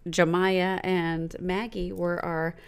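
A woman with a slightly low voice hosts a podcast in loose, casual chat. She rambles and often circles back to restart her sentences. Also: flat delivery, slow, smooth. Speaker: podcast host.

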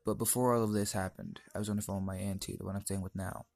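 A man's voice: low-pitched, level tone, fast talker, gravelly, darkish tone, dry recording. A teenage boy hosting his own podcast, telling a personal story in an earnest, emotional, confiding way. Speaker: podcast host.

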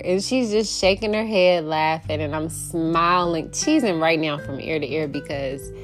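A young adult woman hosting a podcast, sharing a personal story in a heartfelt way and laughing often. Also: low voice. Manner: heartfelt, animated when quoting herself, laughs often. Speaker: podcast host. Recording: faint guitar music behind.

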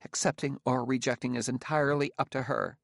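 A man reading an audiobook, voicing a young male courtier who is tense, proud and quickly indignant. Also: medium pitch, fairly even intonation, vocal fry, no room sound, studio quality, close to an everyday voice. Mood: defensive.

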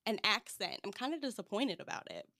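A woman's voice: medium pitch, sing-song, fairly quick, sharp tone, no room sound, clean studio sound. A woman hosting a podcast in casual chat, laughing often as she talks. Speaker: podcast host.

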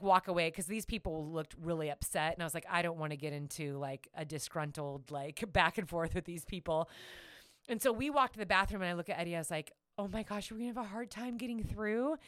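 Smooth-voiced giggly woman storyteller. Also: fairly low pitch, no echo, studio quality. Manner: animated, giggly, acts out quotes. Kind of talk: casual storytelling chat.

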